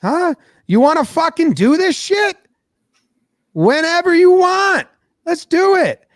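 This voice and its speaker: A man impersonating a confrontational male baseball pitcher who shouts challenges in a strained, high voice. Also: animated, takes it slowly, dry recording, clean studio sound, exaggerated voice. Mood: aggressive.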